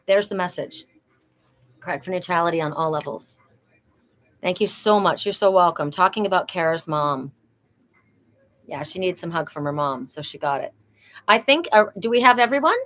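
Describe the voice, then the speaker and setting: A woman's voice: on the low side, moderate pace, long pauses. Earnest woman giving a card reading. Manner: earnest, animated, repeats phrases for emphasis. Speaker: oracle card reader. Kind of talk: live spiritual card reading.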